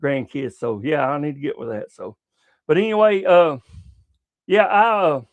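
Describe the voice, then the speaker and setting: Older guy, high voice, dry close sound, cussing sports talk host. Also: a little slow, no room sound. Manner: profane, repetitive, stumbling restarts. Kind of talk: casual rambling sports talk.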